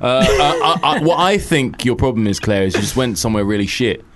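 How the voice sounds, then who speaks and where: A man's voice: mid-range voice, brisk, fairly bright tone. A man co-hosting a radio show in casual banter, sweary and sardonic, rambling through his jokes. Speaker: radio co-host. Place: radio studio.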